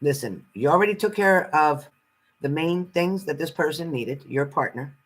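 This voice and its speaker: A woman's voice: deep voice, expressive, moderate pace, low-quality recording. A woman giving a casual live-stream tarot card reading, chatty and salty, greeting viewers fondly and swearing freely.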